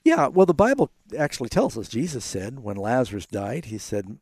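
Radio Bible host, male, gravelly and mellow, earnest explainer, dry studio sound. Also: mid-range voice, moderate pace, hardly any pauses, no echo. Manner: earnest, explanatory, quotes scripture in animated bursts. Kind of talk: call-in Bible answers.

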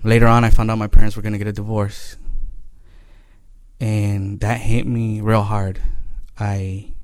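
A man shares his life story as a personal testimony, earnest and unhurried, in a fairly low voice with a darkish tone. He speaks haltingly, relying on pauses and fillers while he gathers his thoughts. The recording is dry and close, with no room sound or echo.

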